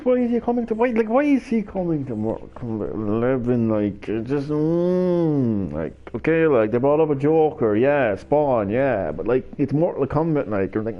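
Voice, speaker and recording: A man with a mid-range voice chats to his live stream viewers, rambling, stammering, and swearing casually as he swings between hyper and drowsy. The stream audio sounds slightly dull and lo-fi.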